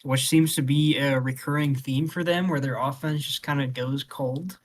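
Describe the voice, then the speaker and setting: Man, mid-pitched voice, laid-back, agreeable, casual sports talk. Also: fairly even intonation, normal speed. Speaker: sports podcast co-host. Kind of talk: casual chat.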